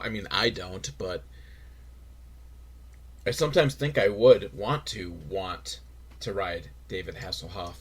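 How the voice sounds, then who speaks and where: A man hosting a comedic recap of a TV episode, talking in a wry, rambling way with lots of filler words. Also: medium pitch. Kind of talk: casual comedic commentary.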